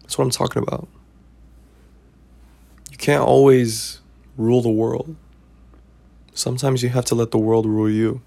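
A man's voice: medium pitch, flat delivery, normal speed, gravelly, long pauses, warm tone. A man hosting a podcast, talking casually and preachily about life lessons, repeating himself and checking in with "right?". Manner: preachy, repetitive, keeps asking "right?". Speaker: podcast host. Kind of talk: casual advice monologue.

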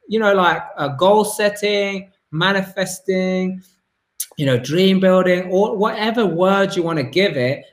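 A man's voice: high voice, fairly bright tone. A man hosting an interview, asking probing questions and explaining ideas at length with many fillers. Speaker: host. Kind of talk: interview and motivational talk. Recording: echoey room.

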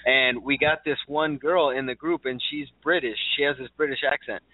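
A man's voice: mid-range voice, fairly even intonation, moderate pace, dry recording. A man hosting a radio talk show in a casual, chatty way, laughing easily and quizzing his co-host. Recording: tinny phone-like sound.

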